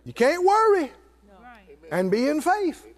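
An older man, a pastor, preaching a sermon with call-and-response, swinging from loud exclamations to low murmurs. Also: very animated, slow.

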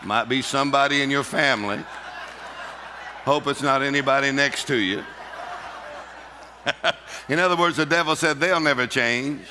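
A man preaching a fervent sermon, drawing the congregation into call-and-response and bursts of loud laughter. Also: mid-range voice, moderate pace, long pauses, noisy background. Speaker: pastor. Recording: reverberant hall.

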